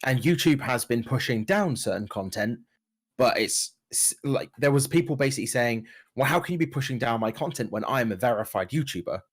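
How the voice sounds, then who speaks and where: A man co-hosts a casual gaming podcast, explaining news in a measured, conversational way. His voice sits at an ordinary middle pitch. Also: expressive. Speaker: podcast co-host.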